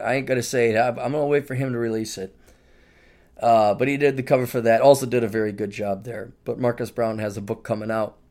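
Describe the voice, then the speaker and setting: A middle-aged man hosting a podcast, telling travel stories in a loose, rambling way and laughing as he goes. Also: medium pitch. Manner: rambling, animated storytelling with laughter. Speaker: podcast host. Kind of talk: casual monologue.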